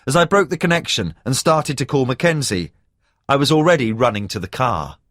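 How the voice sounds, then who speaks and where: A male audiobook narrator with a mid-pitched voice, reading a first-person thriller with measured, expressive delivery. His intonation rises and falls a great deal, and the close studio recording is completely dry. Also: no echo. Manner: measured storytelling with expressive emphasis.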